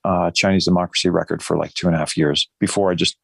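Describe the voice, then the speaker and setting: A man's voice: sits low, level tone, fast, vocal fry, no echo. A middle-aged man from New Jersey, a musician guest telling rambling, self-deprecating stories in a casual interview.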